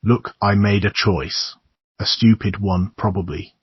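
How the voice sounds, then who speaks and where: A man reading an audiobook, voicing an earnest young man who gently reassures and coaxes in a husky voice. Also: on the low side, unhurried, no room sound, lo-fi sound. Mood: reassuring. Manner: gentle, coaxing delivery.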